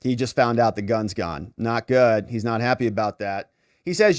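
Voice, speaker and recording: A man's voice: fairly low pitch, normal speed, dry recording, studio quality. A man hosting a legal commentary show, talking casually and thinking aloud as he walks through a set of messages. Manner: thinking aloud, conversational, with fillers.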